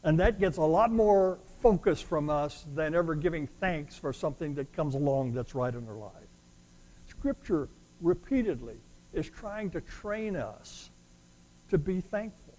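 A male pastor delivering a sermon in a fairly high voice. He drives his points home with loud, ringing declarations, then drops back to softer, more intimate asides. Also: lively intonation, a little slow, poor audio. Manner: emphatic, swings between loud declarations and quiet asides.

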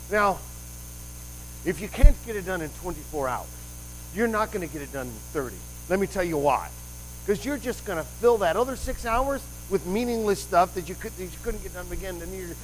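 A man's voice: fairly high pitch, expressive, brisk, slight background noise, poor audio. A man preaching a conversational sermon, rambling with asides and quizzing the congregation with questions. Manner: rambling with frequent restarts and asides.

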